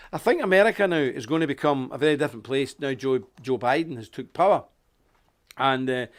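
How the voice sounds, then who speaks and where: Hosting a live online commentary, a middle-aged man with a Northern Irish accent rambles indignantly, greets viewers and reads from a paper. His voice is a little high, and he's coughing.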